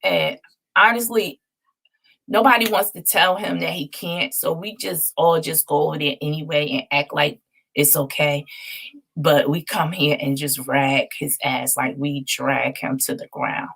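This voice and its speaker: Woman, vlog host, casual storytelling, low voice, vocal fry. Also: unhurried. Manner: chatty and animated, laughing often, dishing playful shade.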